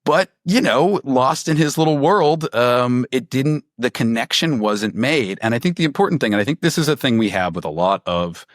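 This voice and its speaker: A man being interviewed, telling stories in a lively, conversational way and acting out the people he quotes. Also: mid-range voice, no echo, studio quality. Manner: animated storytelling, acts out quoted people. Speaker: author and reporter, guest.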